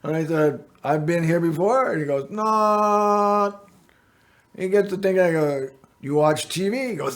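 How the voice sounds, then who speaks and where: A man's voice: high-pitched, a little slow. A middle-aged man hosting a local access TV show, telling rambling personal stories to the camera in a folksy, meandering way. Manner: folksy, meandering storytelling with frequent "you know" and "anyway".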